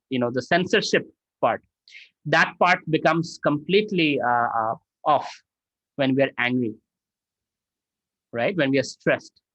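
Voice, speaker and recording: A middle-aged man giving a lively lecture-style answer on an online call, acting out angry quotes and asking "right?" often. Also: on the high side, no echo. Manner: animated, acts out angry quotes, asks "right?". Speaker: spiritual mentor answering questions. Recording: dull lo-fi dry sound.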